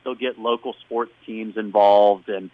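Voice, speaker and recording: A man co-hosting a casual podcast, recapping a wrestling show with animated storytelling and playful impressions. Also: lowish voice, measured pace, no room sound, narrow, tinny audio. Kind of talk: casual chat.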